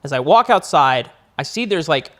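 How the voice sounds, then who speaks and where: A young man with a fairly high voice tells a story on a casual podcast. He talks loosely and jumps even higher and louder when he replays his own panic. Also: moderate pace. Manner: animated storyteller, rises high acting out panic. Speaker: podcast co-host.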